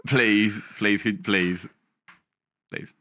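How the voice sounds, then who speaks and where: A man co-hosting a casual podcast, joking and animated and laughing often, on a close mic. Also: on the low side, extremely slow. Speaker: podcast co-host.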